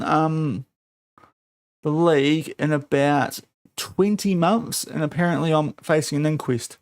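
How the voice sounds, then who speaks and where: This young man's voice is fairly high-pitched and moderately paced, with no room sound. He's live-streaming a football management game, chatting casually and scolding his virtual players out of exasperation.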